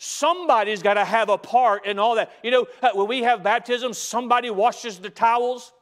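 Male preacher, high-pitched, sermon delivery, repeats lines for emphasis, soft-to-loud swings. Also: moderate pace. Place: church sanctuary.

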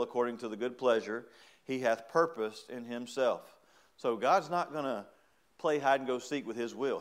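A middle-aged man preaching a sermon in a folksy, humorous way, acting out little quoted voices and rising to loud, emphatic praise. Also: medium pitch.

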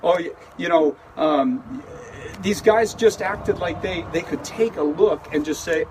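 A man's voice: fairly high pitch, a little slow. A man preaching an earnest, conversational sermon at an outdoor service in a parking lot, often restarting his sentences. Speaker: pastor. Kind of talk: sermon with opening prayer. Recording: distant mic with faint outdoor noise.

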